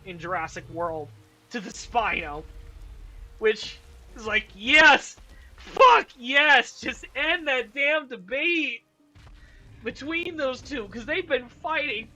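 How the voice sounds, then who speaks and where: A woman hosting casual film commentary, excitable and profane, with emotional outbursts. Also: fairly high pitch, slow pace, long pauses, rough recording. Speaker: channel host reviewing films.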